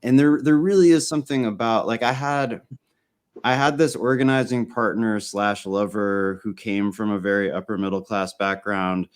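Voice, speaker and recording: A man's voice: fairly low pitch, fairly even intonation, moderate pace. A man in a casual political discussion, building long, thoughtful arguments. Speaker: podcast guest.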